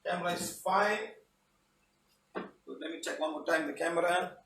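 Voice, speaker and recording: A man's voice: on the high side, normal speed, creaky, a bit bright, roomy sound, recorded from a distance, slight background noise, low-quality recording. A man teaching a live online healing session under a studio spotlight, chatty and often repeating "okay, guys".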